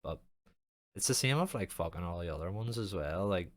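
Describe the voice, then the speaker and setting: A young man hosting his own podcast with a very deep voice. He talks in long, loose, jokey rambles and swears almost every sentence. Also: lively intonation, a little fast. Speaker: podcast host and streamer. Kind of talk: casual podcast chat.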